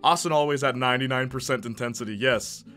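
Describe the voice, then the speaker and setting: A man's voice: medium pitch, fast, a bit bright, soft background music. A man streaming and chatting casually with his viewers, joking and laughing often. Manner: jokey, laughs often, talks to chat. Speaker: live streamer. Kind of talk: casual live-stream chat.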